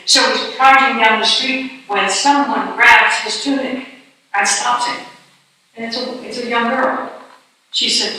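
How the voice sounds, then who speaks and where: Woman speaker, storytelling sermon, bright tone, echoey distant recording. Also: a little high, unhurried. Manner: animated, stammering restarts, dramatic. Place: church hall. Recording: echoey distant hall with faint noise.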